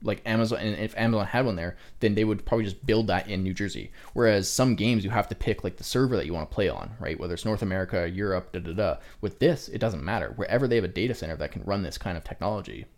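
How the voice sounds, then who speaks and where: A man's voice: fairly low pitch, quick pace, hardly any pauses. A young man co-hosting a podcast, chatting casually and rambling with lots of fillers and casual swearing. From Canada. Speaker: podcast co-host. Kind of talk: casual chat.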